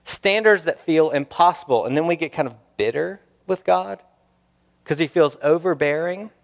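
A man's voice: a little high, normal speed, creaky. A man preaching a sermon, earnest and searching, asking the congregation questions and repeating key lines for emphasis. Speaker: pastor. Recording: long hall reverb.

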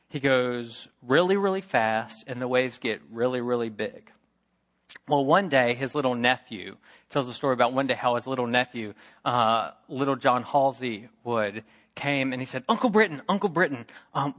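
A man's voice: mid-range voice, a bit bright. A middle-aged man preaching a sermon, telling a story with emphatic repetition and acting out the voices of its characters. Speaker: pastor.

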